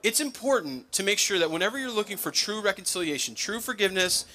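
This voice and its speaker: A young adult man with a bright, forceful, fairly high voice preaches a sermon. He talks in a conversational way and drops joking asides to the congregation between the passages he reads. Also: expressive, quick pace. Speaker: pastor.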